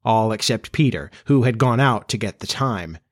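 A man narrating a classic storybook as an audiobook, in a measured, expressive reading. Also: lowish voice, dry recording, studio quality.

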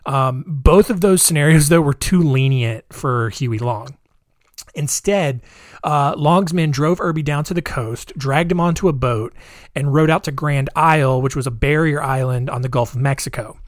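A man's voice: a little high, moderate pace, no room sound, studio quality. A man casually telling a history story, with frequent fillers, wry jokes and asides. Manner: conversational, many fillers and asides.

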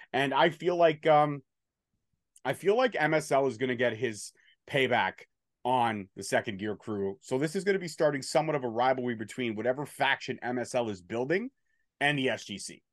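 A man's voice: mid-range voice, dry recording. Dry-sounding man giving a profane recap. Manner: profane, bantering play-by-play recap. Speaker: podcast host recapping wrestling. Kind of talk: casual chat.

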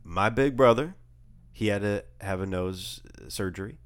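A man with a very low voice chats casually as a podcast co-host. He jokes and rambles through stories. He sounds like a young adult. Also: measured pace, clear, resonant tone. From Southern California. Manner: joking, rambling storyteller. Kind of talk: casual chat.

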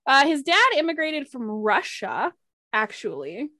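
A woman's voice: high-pitched, big pitch swings, a little slow, bright, forceful tone, dry recording, studio quality. Chatty, blunt podcast woman. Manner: chatty and blunt, with swearing and asides. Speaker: podcast co-host presenting the episode's topic. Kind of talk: casual podcast chat.

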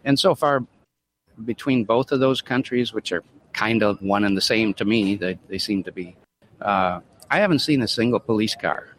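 A man's voice: fairly low pitch, normal speed, slight background noise, rough recording. A man calling in to a radio show, telling a chatty story and grumbling as he goes. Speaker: caller. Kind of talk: phone-in chat.

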